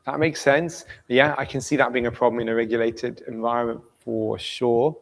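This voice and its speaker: A man gives a live software demo at a meetup. He talks casually as he clicks through and asks the room for thoughts. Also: medium pitch, moderate pace, gravelly, a little hiss or hum, poor audio. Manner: relaxed and chatty, asks the room questions. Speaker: presenter at a community meetup. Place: meeting room in front of an audience.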